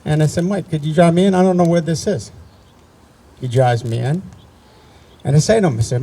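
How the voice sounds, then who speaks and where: A man in his sixties from New Jersey speaks at an outdoor memorial ceremony. His voice is gravelly and mellow. He tells family stories casually and often restarts his sentences. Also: a little high, fast, slight background noise, poor audio. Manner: anecdotal, conversational, with frequent restarts. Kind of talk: personal storytelling speech.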